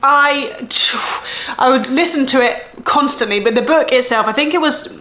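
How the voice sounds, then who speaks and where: A woman's voice: high voice, moderate pace, sharp tone, echoey room. A woman in her thirties with an English accent, chatting casually about her month of reading, rambling and correcting herself as she goes. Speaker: book vlogger. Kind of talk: casual chat.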